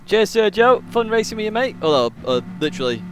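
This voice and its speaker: A man's voice: high-pitched, sing-song, quick pace, background noise. A man from England, a casual and jokey game streamer, chatting on a live stream and rambling with many fillers.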